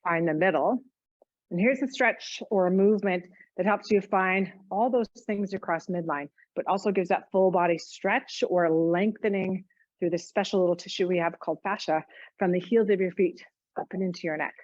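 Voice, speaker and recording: Woman yoga instructor, chatty cues, lowish voice, dry muffled sound. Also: moderate pace, a little mellow, no echo. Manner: chatty, joking asides while cueing moves. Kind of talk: guided exercise class instruction.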